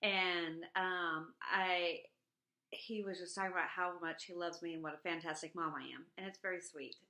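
A middle-aged woman chatting casually at home, animated, jumping into a high voice when she quotes people. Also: normal speed, echoey room. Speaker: vlogger. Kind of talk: casual chat.

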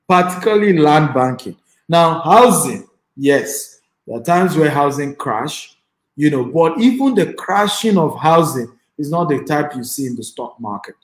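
A man with a Nigerian accent teaches an online class as a real estate investor and trainer, speaking emphatically, repeating phrases and urging listeners to type replies. His voice is on the high side, and the recording sounds rough and reverberant.

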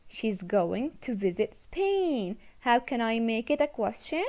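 A woman's voice: a little high, expressive, slow, darkish tone. A woman teaching an English video lesson to children, encouraging, repeating words and switching into to explain.

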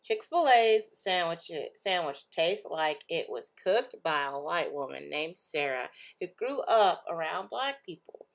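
A young woman vlogger casually reacting to online posts, talking in an animated way and often breaking into laughs and exclamations. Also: lowish voice, measured pace, gravelly, few pauses.

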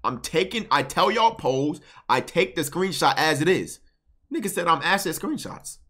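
A man's voice: on the high side, animated, normal speed, fairly bright tone. A young man hosting a live stream, bantering loosely with callers and chat in heavy slang.

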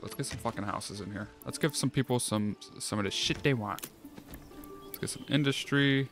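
A man giving casual let's-play commentary, thinking aloud, swearing often and getting excited. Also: mid-range voice, a little fast. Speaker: gameplay streamer. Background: game music.

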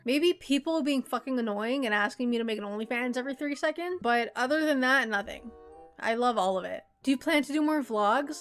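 Blunt, foul-mouthed young woman YouTuber. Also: sits high. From Canada. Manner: blunt, profane and joking. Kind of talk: casual Q&A answering viewer questions.

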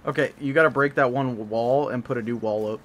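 A man hosting a gaming video, chatting casually through gameplay, excitable and quick to swear. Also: medium pitch. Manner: swears often, excitable reactions. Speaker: gaming channel host. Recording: noisy game capture.

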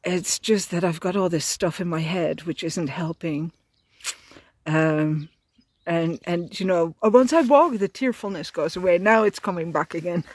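A woman's voice: fairly low pitch, a little slow, a little mellow, slightly rough, no room sound. An Irish woman telling a casual video diary while walking by a road, rambling with many fillers and restarts, a little tearful. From Ireland. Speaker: pilgrim vlogger.

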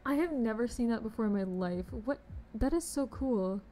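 A woman's voice: a little high, lively intonation, moderate pace, dark tone. A young woman chatting casually on a game live stream, bubbly and chatty, greeting viewers with pet names. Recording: faint background noise.

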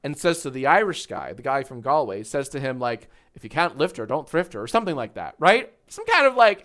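A man's voice: a little high, big pitch swings, fairly quick, fairly bright tone. A man in his thirties chatting casually on a livestream, telling a story with swearing and frequent laughter. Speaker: streamer.

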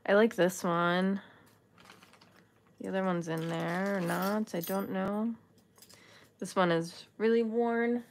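A woman's voice: mid-range voice, fairly even intonation, slow pace, slight background noise. A woman vlogger casually chatting through a jewelry haul, musing aloud and talking to the items. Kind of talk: casual unboxing chat.

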